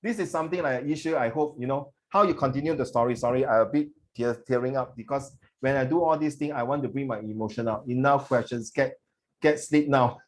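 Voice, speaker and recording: A man's voice: medium pitch, brisk, rough recording. A man teaching a class, reading a student's essay aloud dramatically and switching between languages. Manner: code-switches, dramatic reading with acted voices.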